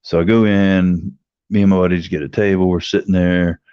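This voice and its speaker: Speaking at normal speed with a level, clean tone, a middle-aged man casually spins a lengthy, foul-mouthed story on his livestream. He rambles and voices the quotes in a higher pitch, and the lo-fi recording is dry, slightly dull, and echo-free.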